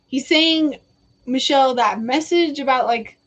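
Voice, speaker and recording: A woman's voice: high-pitched, a little slow, rough recording. A young woman giving psychic readings on a live stream, chatty and giggly, often quoting spirits in a casual voice. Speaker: psychic reader.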